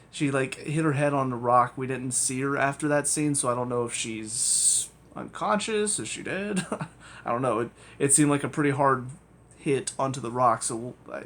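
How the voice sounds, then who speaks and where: A man's voice: mid-range voice, a little hiss or hum. A man giving a casual spoken TV review, rambling and hedging with frequent ums and restarts.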